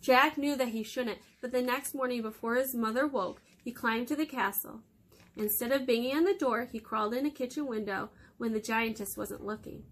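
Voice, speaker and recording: A woman hosting storytime for children, reading a fairy tale aloud in a lively, expressive way. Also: fairly high pitch, moderate pace.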